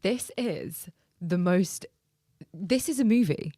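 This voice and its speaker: A woman's voice: lowish voice, lively intonation, slow pace, warm tone, breathy edge, dry recording, studio quality. A woman with a British accent hosting a casual podcast, reacting with disbelief and repeating words for emphasis. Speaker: podcast host.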